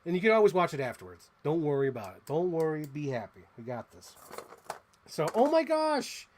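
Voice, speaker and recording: A man hosting a casual toy unboxing, chatty and excitable as he gushes over what he shows. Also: fairly high pitch, fairly quick, a little hiss or hum. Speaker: host.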